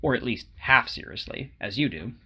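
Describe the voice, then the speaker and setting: An anxious young man, earnest and a little halting, pleading to be believed, as a man reading the story plays him. The voice stays close to the narrator's own, with lively swings in pitch and a bright, forward tone, told as an audiobook. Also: gravelly, slightly rough, full character voice.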